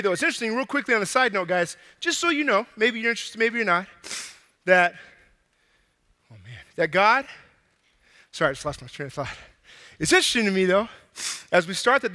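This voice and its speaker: A man preaching a casual, animated sermon to a young crowd, out of breath, acting out bits of dialogue in slang. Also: high-pitched, in a large hall.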